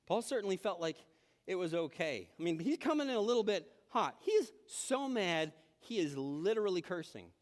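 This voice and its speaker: A high-pitched man preaches in a church sanctuary, with a long reverb tail trailing his words. He tells lively stories and acts out the voices of the people he quotes.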